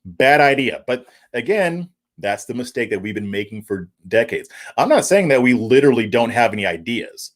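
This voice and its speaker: A man hosts a casual political commentary stream, reacting to viewer comments as he goes. His voice sits at an ordinary middle pitch but swings widely and lively. He chuckles often and trips over and repeats his words. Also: moderate pace, hardly any pauses. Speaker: political commentary show host. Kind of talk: casual livestream commentary reading viewer chat.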